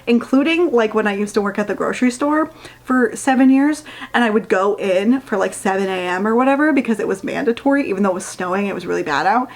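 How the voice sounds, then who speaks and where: Woman doing a snarky book rant, exasperated, swears a lot, mid pitch. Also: fast talker. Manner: sarcastic, exasperated, swears freely. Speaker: book reviewer. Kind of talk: casual rant review.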